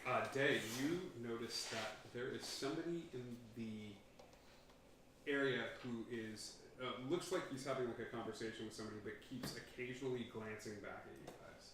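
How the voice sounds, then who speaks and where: Man narrating a tabletop game, echoey. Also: medium pitch. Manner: halting, many fillers. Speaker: game master. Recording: echoey room from far off, faint noise.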